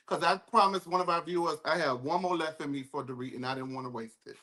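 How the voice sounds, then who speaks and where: A man's voice: on the high side, quick pace, few pauses, pushed and bright. Sassy man hosting a reality TV recap. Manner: sassy, campy, calls people girl and baby. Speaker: podcast host. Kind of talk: casual reality TV recap chat.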